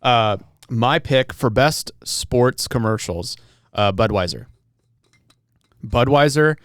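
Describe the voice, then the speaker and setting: Casting: young male podcast co-host, smooth voice, dry close mic, laid-back and rambling. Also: lowish voice, takes it slowly, no echo. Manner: relaxed, rambling, many fillers and restarts. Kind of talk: casual chat.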